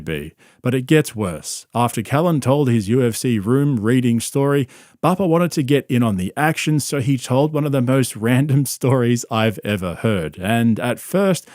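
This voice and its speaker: A man's voice: mid-range voice, a little mellow, no echo, studio quality. A man narrating a mocking commentary on podcast clips, in a sarcastic tone. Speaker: commentary channel host.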